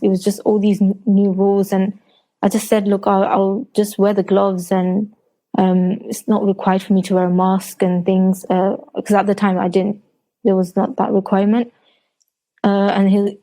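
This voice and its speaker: A woman's voice: medium pitch, moderate pace, poor audio. A woman in her thirties with a London accent, telling her personal story as an interview guest, hesitant with many restarts and fillers. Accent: London English. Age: 30s. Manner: recounts quotes in a flat retelling voice.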